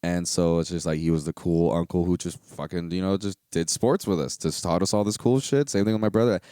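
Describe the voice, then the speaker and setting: A young man talks in a rambling, candid podcast monologue, cursing freely and circling back with fillers. His voice sits low and the recording is close and dry, with no room sound. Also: fairly quick, mellow, smooth, dry recording. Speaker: podcast host. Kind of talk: casual solo podcast monologue.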